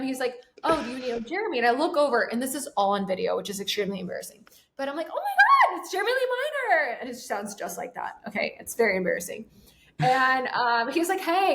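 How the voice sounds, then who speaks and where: Fast-talking young woman telling a story. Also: a little high. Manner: animated, acts out quotes, laughs often. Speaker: guest, sales trainer. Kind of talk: casual storytelling.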